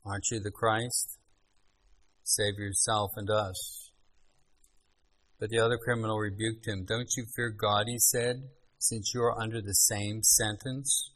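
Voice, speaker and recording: Earnest low-voiced male preacher. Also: level tone, a little slow, a bit bright, poor audio. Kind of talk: sermon with scripture reading.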